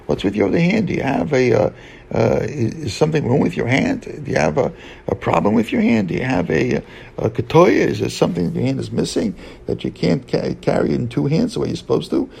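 A man's voice: fairly high pitch, big pitch swings, a little fast, gravelly, darkish tone, husky, full character voice. A man voicing a scornful ancient rabbi in a Talmud lesson, firing off mocking questions.

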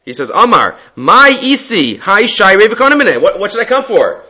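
A man teaching a text study class, reading passages aloud and explaining them in a relaxed, conversational way. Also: high voice, moderate pace, poor audio. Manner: answers student questions. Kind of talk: Talmud class lecture.

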